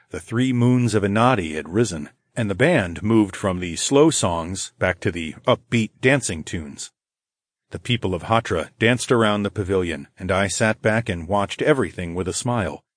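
Low-voiced male audiobook narrator. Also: no room sound, studio quality. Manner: calm, measured storytelling. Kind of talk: first-person scripted narration.

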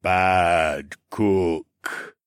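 A hulking male sloth-man creature, as a narrator puts him on, drawing out each clipped word in a slow, heavy drone. His timbre sounds oddly altered from the storyteller's own, low-set and brooding. The audiobook recording is dry and close. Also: steady tone, clear, resonant tone, dry recording. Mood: terse, droning. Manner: slow droning speech, few words. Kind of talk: audiobook character voice.

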